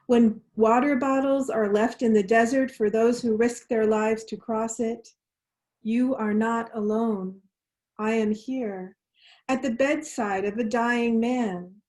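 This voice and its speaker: Woman minister, slow gentle storytelling, high-ish voice, leads responsive lines. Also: fairly even intonation. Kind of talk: storytelling sermon.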